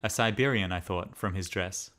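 A man narrating a diary as an audiobook in a steady, measured reading. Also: sits low.

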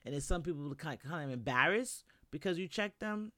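A woman's voice: deep voice, expressive, fairly quick, fairly bright tone, no echo. Blunt New woman, dry sound. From New York. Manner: blunt and profane, candid storytelling. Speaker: podcast host. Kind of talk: casual monologue.

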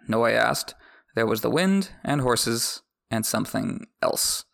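A man's voice: medium pitch, lively intonation, takes it slowly, vocal fry, fairly bright tone. A man hosting a book podcast who recaps a chapter, reads excerpts aloud, and adds wry, joking asides. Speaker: podcast host.

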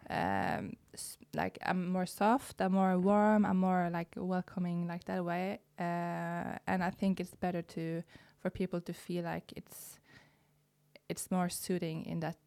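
Creaky Norwegian-accented woman, dry close sound. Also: fairly low pitch, a little slow, a little mellow, dry recording. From Norway. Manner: hesitant, many fillers and restarts. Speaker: guest, burlesque dancer. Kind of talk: casual conversation.

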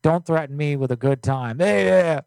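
A young man hosting a prank call show, joking loudly and rambling in casual chat. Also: a little high, moderate pace, gravelly, no echo.

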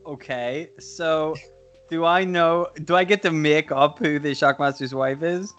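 A man's voice: fairly high pitch, a little slow, fairly bright tone, dull audio, soft background music. Profane, rambling male podcast co-host. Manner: rambling, profane, laughs at own jokes. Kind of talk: casual podcast chat, improvised storytelling.

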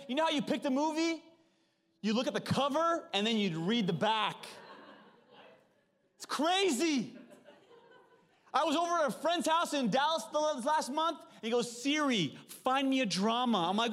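Lively, high-voiced man preaching. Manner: animated, joking, acts out movie lines. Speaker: pastor. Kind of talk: sermon with movie references.

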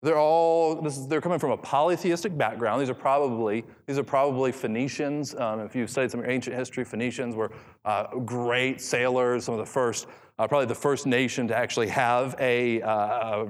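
A man's voice: medium pitch, steady tone, fairly quick. Man preaching in an echoing hall. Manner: emphatic, repeats key phrases, reads scripture aloud. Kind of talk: expository sermon. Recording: long hall reverb.

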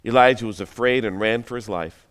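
A man's voice: lowish voice, fairly quick, a bit bright, smooth. A man preaching a sermon, retelling a story in a conversational, dramatic way with joking asides. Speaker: pastor. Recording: long hall reverb.

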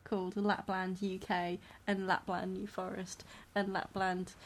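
A woman's voice: medium pitch, little pitch movement, unhurried. A woman from the UK co-hosting a podcast in casual chat, giggly and rambling. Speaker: podcast co-host.

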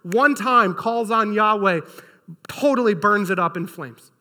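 Bright, high-voiced male pastor. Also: a little slow. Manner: energetic storytelling, casual and animated. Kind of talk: sermon. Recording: long hall reverb.

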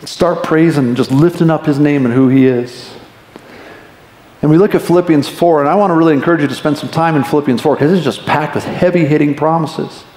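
A man preaching a sermon as pastor, talking to the congregation in a conversational, lively way with quick asides. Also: a little high. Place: church sanctuary. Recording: echoey church hall reverb.

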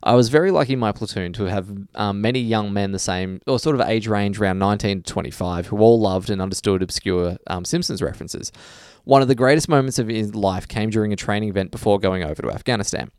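A man's voice: lowish voice, fast, hardly any pauses, a little mellow, smooth, dry recording, studio quality. A man co-hosting a podcast, reading listener mail in casual chat, laughing and swearing freely. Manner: laughs often, swears freely, slips into voices. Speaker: podcast co-host.

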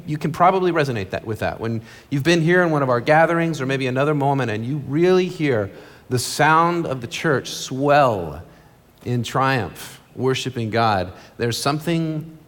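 A male pastor preaching an earnest, conversational sermon from a church stage, with quick asides. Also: mid-range voice, animated. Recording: long reverb of a large hall.

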